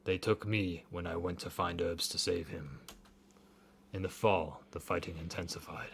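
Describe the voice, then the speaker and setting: A man voicing a wounded, burly old uncle in a narrative game, reading his lines in a low, subdued, somber way. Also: fairly even intonation, moderate pace, creaky, a little hiss or hum. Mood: grim. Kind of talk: reading game dialogue aloud.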